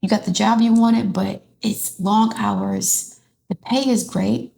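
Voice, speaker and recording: Rambling woman with a gravelly voice. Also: medium pitch, fairly even intonation, takes it slowly, warm tone. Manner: rambling, with many restarts. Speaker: tarot reader. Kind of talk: casual tarot reading.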